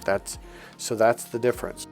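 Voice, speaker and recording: A man talks to his viewers in a loose, slangy way, jumping into little acted-out dialogues as he explains. His voice sits at an ordinary pitch, and soft music plays faintly underneath. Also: flat delivery, normal speed. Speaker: relationship coach. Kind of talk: casual monologue to camera.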